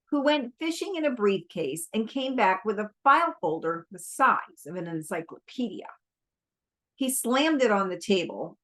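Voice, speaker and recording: A woman reading a novel aloud in a calm, measured narrating voice. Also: mid-range voice. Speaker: reader. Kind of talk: audiobook reading.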